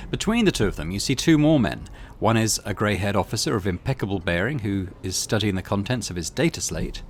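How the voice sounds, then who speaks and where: A man's voice: on the low side, a little hiss or hum. Wry man narrating a game. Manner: wry, chatty asides. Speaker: let's play host. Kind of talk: reading a game aloud with asides.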